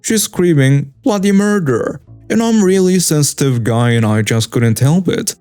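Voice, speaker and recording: A young man narrating a first-person story in an earnest, steady reading tone. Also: on the high side, unhurried, clear, resonant tone, no room sound, faint music behind.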